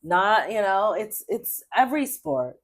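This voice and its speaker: A middle-aged woman co-hosting a casual sports podcast, chatty and emphatic, rambling with quick restarts. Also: medium pitch, sing-song. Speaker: podcast co-host.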